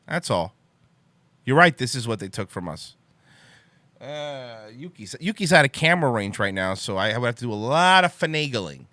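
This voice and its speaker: A man's voice: medium pitch, sing-song, moderate pace, bright, forceful tone, dry recording. A man hosting a talk show, ranting angrily with heavy swearing and then apologizing. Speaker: podcast host.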